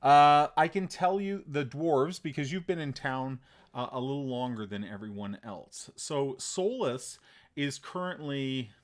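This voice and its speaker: A man narrating a tabletop game as game master, halting and full of fillers. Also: mid-range voice, lively intonation.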